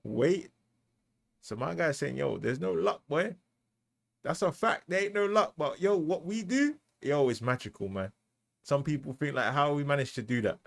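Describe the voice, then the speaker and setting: A man's voice: fairly high pitch, lively intonation, normal speed, gravelly, a bit bright. A British man giving casual, slangy commentary as he reacts to a music track, often asking "you know what I mean". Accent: British English.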